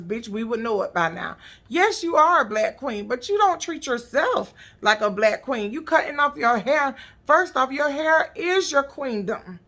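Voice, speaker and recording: A woman recapping a reality show in a blunt, profane, animated casual rant. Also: on the high side, unhurried, gravelly.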